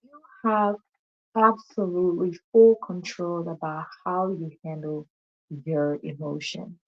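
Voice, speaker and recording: Speaking a little slowly in a low, steady tone, a woman hosts a relaxed talk show. She chats with the audience, tosses out rhetorical questions and says y'all, with a dull lo-fi recording quality.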